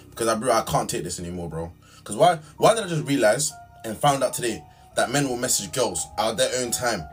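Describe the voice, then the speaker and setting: A man's voice: medium pitch, lively intonation, brisk, distant mic. A man with a mid-range voice rants to camera, heated and exasperated, packing his talk with casual slang. Faint music plays underneath. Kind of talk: ranting vlog.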